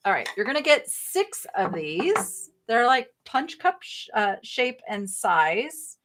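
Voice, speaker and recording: A woman's voice: fairly high pitch, big pitch swings, takes it slowly, hardly any pauses, fairly bright tone. Chatty woman hosting a live sale. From American South. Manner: chatty, rambling, thinks aloud. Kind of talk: casual live selling chat.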